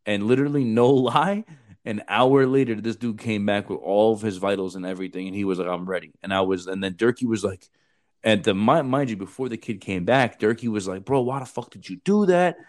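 A man's voice: lowish voice, steady tone, brisk. A man in his thirties, a former Marine recruiter and podcast host, telling blunt, profane stories and saying bro a lot. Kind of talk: casual storytelling chat.

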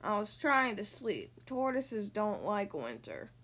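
A woman voicing a grumpy, sleepy male tortoise in a slow, grumbling drawl. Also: medium pitch, level tone, fairly bright tone, pitched below the performer's own voice.

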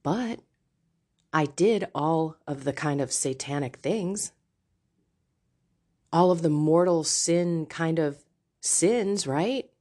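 Slow, low-voiced woman giving frank faith talk. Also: a little mellow. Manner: frank and confessional, slow and deliberate. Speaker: Catholic podcast host and speaker. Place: seated in a home.

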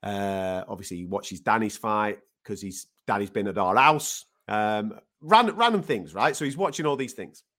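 A man co-hosting a sports podcast in casual chat. He is animated and swears casually. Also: fairly low pitch, moderate pace, few pauses. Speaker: podcast co-host.

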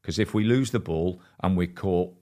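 A man in his sixties, a former football manager, answering questions in a measured, conversational way. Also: low voice, darkish tone. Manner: measured, frequent "you know" and restarts. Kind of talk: casual interview chat.

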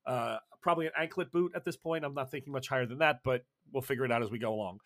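A man's voice: mid-range voice, rapid-fire, a bit bright, no room sound, studio quality. A man running a tabletop role-playing game, narrating casually with lots of fillers and restarts. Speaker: game master.

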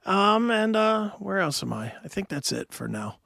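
A male podcast host chatting casually, hoarse and joking, with a profane, laughing manner. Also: high-pitched, very animated, moderate pace, pushed and bright, dry recording, studio quality. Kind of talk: casual chat.

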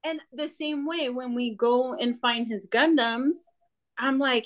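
A woman guesting on a podcast, chatting freely and retelling her exchanges with her partner. Her voice sits notably high and stays conversational from line to line. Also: takes it slowly. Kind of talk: casual chat.

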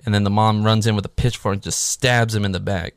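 Gravelly-voiced man recapping a film. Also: lowish voice, level tone, fast, dry recording, studio quality. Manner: sarcastic, profane, rambling with many "like" fillers. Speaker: movie recap host. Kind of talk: casual spoken film recap.

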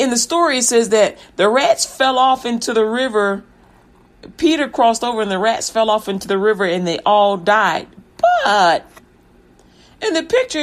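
A woman teacher retelling a fairy tale in a playful, laughing, slangy way. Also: a little high.

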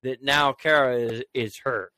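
A man telling a story in casual conversation, swearing freely and acting out his own shouted reactions. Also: mid-range voice, unhurried, no echo. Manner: animated, profane storytelling that acts out raised voices. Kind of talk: casual chat.

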